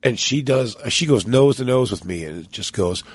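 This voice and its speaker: A man co-hosting a podcast, telling a story in casual chat, animated and profane, acting out what people said. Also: medium pitch, normal speed, breathy edge, dry recording. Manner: animated, profane, acts out quotes. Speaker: podcast co-host. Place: cruise ship.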